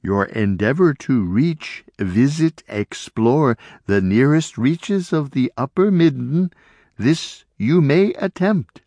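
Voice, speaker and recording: A man voicing a slow, strange alien master of mixes who speaks in a warbling, uneven way with oddly ordered words. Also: mid-range voice, animated, mellow, no room sound, voice pushed up. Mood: formal welcome.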